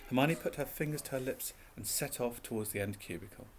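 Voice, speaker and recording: A man narrating a storybook reading in a calm, even way. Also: mid-range voice, quick pace.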